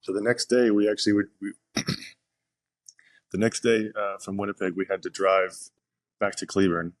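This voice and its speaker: A young man with a low, deep voice speaks casually as a podcast guest, rambling through his stories with frequent fillers and restarts. The recording is dry and close, with no room sound. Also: steady tone, normal speed, dry recording. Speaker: professional pitcher, podcast guest. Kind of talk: casual interview storytelling.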